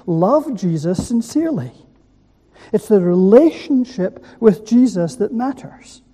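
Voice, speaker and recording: A preacher delivers an unhurried sermon in a deep, husky, mellow voice. He poses rhetorical questions to his listeners and gives words weight by repeating them, all echoing through the long reverb of a large hall.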